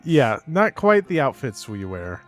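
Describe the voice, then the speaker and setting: A man's voice: medium pitch, big pitch swings, measured pace, soft background music. A man voicing a weary, dry middle-aged female house cleaner.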